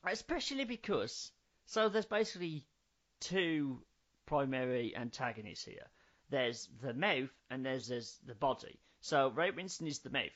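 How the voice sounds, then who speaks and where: A man's voice: medium pitch, sing-song, measured pace, a bit bright, lo-fi sound. A man co-hosting a casual film-review podcast, ranting in an exasperated, sweary way. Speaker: podcast co-host.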